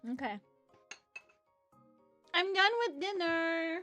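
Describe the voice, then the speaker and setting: A woman's voice: extremely high pitch, expressive, slow pace, sharp tone, soft background music. A young woman streaming live, chatting casually with her viewers and reading out their messages between bursts of giggling. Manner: chatty, reads chat aloud, giggly.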